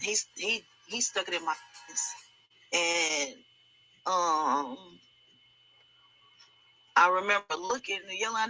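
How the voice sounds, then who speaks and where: A woman speaking in a sharp, very bright tone, recounting painful memories in halting, broken phrases. She often stops and restarts mid-sentence, and the distress runs through everything she says. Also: on the low side, soft background music, poor audio. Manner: halting, hesitant, many restarts. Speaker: alleged victim giving testimony. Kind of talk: emotional first-person account.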